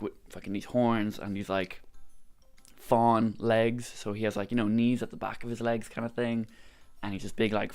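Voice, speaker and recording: A lower-pitched Irish man telling a story casually to camera. He is excitable and full of swearing, leaning hard on "like" as he goes. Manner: excitable, swearing, lots of likes. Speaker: vlogger.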